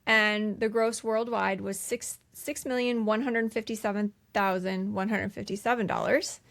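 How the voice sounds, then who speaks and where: A woman co-hosting a podcast, casually recapping a film scene by scene with lots of ums and quick impressions of the characters. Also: medium pitch, fairly even intonation, gravelly, a bit bright. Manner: retells scenes with quick voiced impressions, many fillers. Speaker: podcast co-host. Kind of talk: casual movie recap chat.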